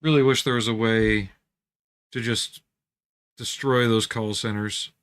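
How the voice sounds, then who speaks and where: A man's voice: lowish voice, measured pace, smooth. A man chatting casually while he builds on a livestream, dry and joking in his asides. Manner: wry, joking, deadpan asides.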